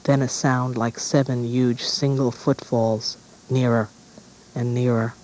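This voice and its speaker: A man narrating a dark fairy tale at a deliberate pace. His voice sits in an ordinary middle range. He reads each image steadily and with care. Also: mid-range voice, fairly even intonation, slight background noise, low-quality recording.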